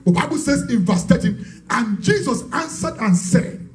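A man preaching a fervent sermon as pastor, shouting declarations and praying in tongues. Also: very high-pitched, expressive, normal speed, soft background music, poor audio.

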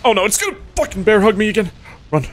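A man's voice: sits high, fast. Young male streamer, casual gameplay chatter, heavy swearing, sudden panicked yelps. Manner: excitable, swears often, jumps to yelps when hit. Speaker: gaming streamer.

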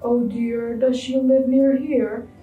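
A woman voicing a hungry, sly, wicked male wolf in a storybook reading, speaking in a low, slow, menacing drawl. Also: little pitch movement, reverberant, distant mic, narrow, tinny audio, faint music behind.

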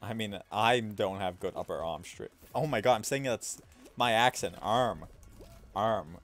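A young man casually commenting on his gameplay while streaming, chatty and self-mocking, laughing at himself and swinging between mumbles and loud outbursts. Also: fairly low pitch, normal speed, faint music behind.

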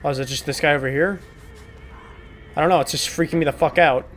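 High-voiced man joking through a game. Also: fairly even intonation, fast, fairly bright tone, soft background music. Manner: joking, profane, mock-apologetic banter. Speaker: gaming video host. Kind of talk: horror game let's play commentary.

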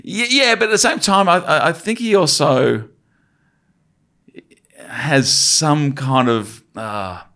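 A man's voice: fairly high pitch, expressive, pushed and bright. A middle-aged man from Australia, a comedian chatting casually as a podcast guest, trailing off and restarting often. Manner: halting, many restarts and fillers.

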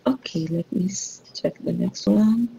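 A woman's voice: medium pitch, gravelly, mellow, highs cut off. A woman with a Brazilian accent, a Portuguese native speaker, patiently running a rhyming word game for an online class as the teacher. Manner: slow, patient, encouraging.

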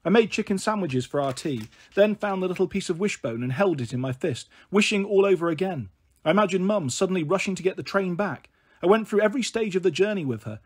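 A man reading a children's novel aloud as narrator, in a plain, steady storytelling manner. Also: high-pitched, fast, breathy edge.

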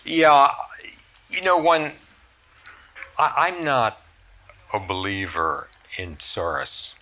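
An older man, a surgeon and author, being interviewed on stage, telling stories in an animated, reflective way. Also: mid-range voice, slow pace, a little hiss or hum. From United States. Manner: storytelling, animated, lively swings in loudness. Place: stage talk at a cultural center.

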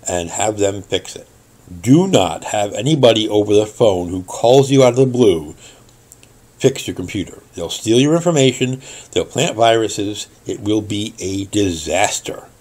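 A middle-aged man with a slightly husky voice rants to camera as a tech help host. He tells his story in a wry, indignant way and turns to earnest warnings for viewers. His pitch swings widely as he talks. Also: animated, normal speed, darkish tone. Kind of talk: ranting vlog monologue.

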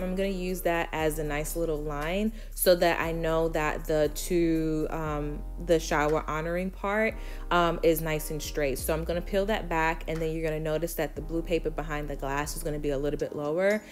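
Low-voiced woman with a Brooklyn accent. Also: steady tone, normal speed, faint music behind. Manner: chatty, step-by-step, frequent ums. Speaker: DIY vlogger. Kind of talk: casual tutorial voice-over.

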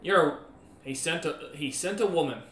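A man voicing a gruff male storm giant who questions people curtly and dismissively, in a tabletop game. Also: a little high, moderate pace, a bit bright, reverberant, slight background noise, natural voice. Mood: brusque.

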